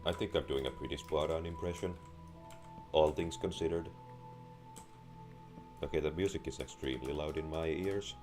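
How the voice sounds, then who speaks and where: A young man with a sore throat and a deep, raspy voice, giving deadpan gameplay commentary. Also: normal speed, pauses often. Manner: deadpan, crude jokes. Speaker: gamer. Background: faint game music and keyboard typing.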